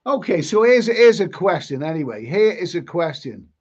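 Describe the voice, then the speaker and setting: A man's voice: high voice, sing-song, normal speed, darkish tone, husky. A man hosting a casual live stream, reading viewer comments aloud and rambling, often repeating words and restarting his sentences. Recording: dull lo-fi sound.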